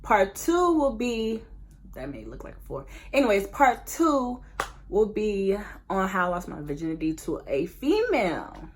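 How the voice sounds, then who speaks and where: A young woman, telling a candid, animated personal story as a casual storytime vlog, full of slang and laughter. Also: medium pitch, a little slow, slight background noise. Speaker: vlogger.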